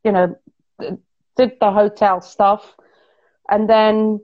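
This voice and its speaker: A woman from Portugal telling her life story in a casual, animated way, often correcting herself mid-sentence and throwing asides to the listeners. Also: mid-range voice, slow, lo-fi sound.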